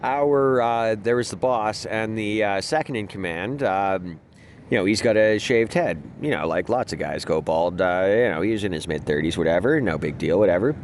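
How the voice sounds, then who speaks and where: A man's voice: fairly low pitch, animated, normal speed, a little hiss or hum. A man hosting a gaming video, telling rambling, profane stories in a casual way and laughing at his own jokes. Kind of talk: casual storytelling over gameplay.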